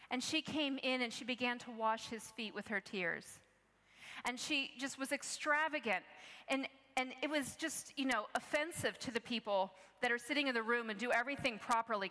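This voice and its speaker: A woman's voice: sits high, sharp tone. A woman preaching a sermon, telling a personal story in an earnest, conversational way with frequent restarts. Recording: long reverb of a large hall.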